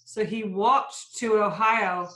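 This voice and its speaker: A woman's voice: mid-range voice, steady tone, slow, a crowd in the background. A woman co-hosting a podcast, chatting casually in a blunt, opinionated way and swearing freely. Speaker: podcast co-host. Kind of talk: casual chat. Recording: echoey room.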